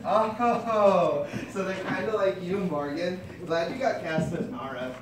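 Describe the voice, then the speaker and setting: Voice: medium pitch, takes it slowly, crowd noise, natural voice. An actor playing a wisecracking teenage boy student who teases his classmates with jokes. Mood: teasing. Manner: teasing, jokey. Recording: distant echoey noisy room.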